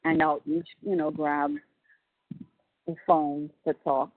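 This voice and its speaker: Slow-talking woman on a tinny phone line. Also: low-pitched, level tone, no echo. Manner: rambling retelling full of fillers and restarts. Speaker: family member on a prison phone call. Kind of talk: casual phone chat.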